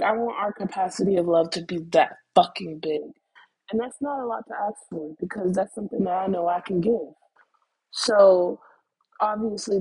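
A husky-voiced young woman rambles on to her viewers, loose and animated, cussing as she goes. She sounds a bit stuffy from the sniffles. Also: medium pitch, low-quality recording. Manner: animated, swearing, addresses listeners as y'all. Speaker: vlogger. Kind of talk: casual rambling monologue.

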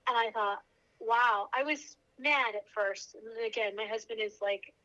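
Woman, 30s, podcast guest; bright, slightly high voice, animated storyteller; dull lo-fi audio. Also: unhurried. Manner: animated, laughing as she tells a story. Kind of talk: personal storytelling.

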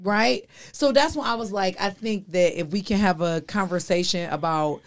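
A woman's voice: medium pitch, moderate pace. A woman hosting a casual group discussion, talking candidly and emphatically with conversational slang. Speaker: host.

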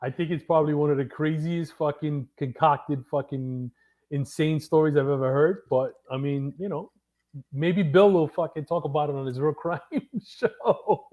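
A man's voice: on the high side, fairly even intonation, moderate pace, a little mellow. A man co-hosting a casual crime news podcast, chiming in with profane wisecracks and reading the chat. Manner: wisecracking, profane, laughs along. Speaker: podcast co-host.

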